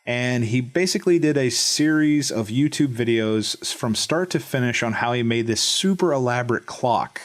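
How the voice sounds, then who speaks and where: A man's voice: medium pitch, animated, normal speed, hardly any pauses. A man with a Texan accent, co-hosting a podcast in casual chat, rambling with lots of fillers and restarts. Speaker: podcast co-host.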